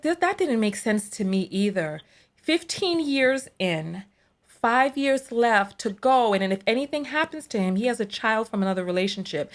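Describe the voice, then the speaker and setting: A woman hosting a live call-in show, giving her commentary quickly and repeating words as she starts a thought. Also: on the high side. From United States.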